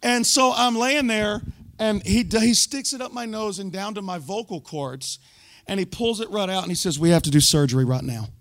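A man giving a sermon testimony to a church group, telling his story with loud bursts and sudden hushed asides. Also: sits high, normal speed, dry recording.

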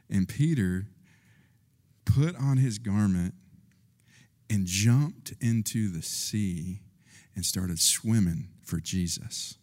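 A man preaching a sermon, telling a story and acting out voices, rising in pitch and force when stirred. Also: a little mellow. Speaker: pastor. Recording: long reverb of a large hall.

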